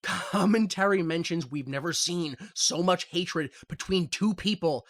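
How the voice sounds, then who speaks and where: A man hosting a casual podcast recap, his voice bright and clear. He laughs often and breaks into loud, squeaky impressions when he quotes someone. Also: unhurried. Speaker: podcast host recapping wrestling.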